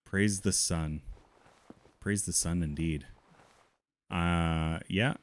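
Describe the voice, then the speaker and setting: A man streaming a video game, chatting casually and reacting out loud with excitement. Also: low-pitched, extremely slow. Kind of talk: casual gaming commentary.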